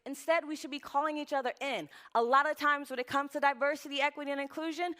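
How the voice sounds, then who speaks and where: A woman giving a chatty, lively conference talk from a stage. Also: high voice, fast talker. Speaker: conference speaker. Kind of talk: conference presentation.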